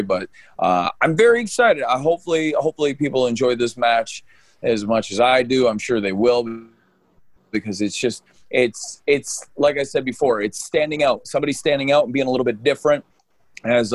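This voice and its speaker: A man's voice: medium pitch, no room sound. A man from Canada co-hosting a podcast, talking in a loose, rambling way with frequent restarts. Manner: rambling, many fillers and restarts. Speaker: podcast co-host. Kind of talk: casual podcast chat.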